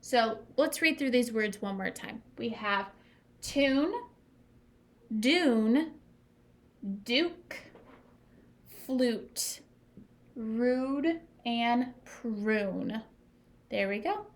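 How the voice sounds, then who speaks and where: A woman teaching a phonics lesson to young students at a whiteboard, sounding out words slowly and patiently. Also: fairly high pitch, expressive. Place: classroom at a whiteboard.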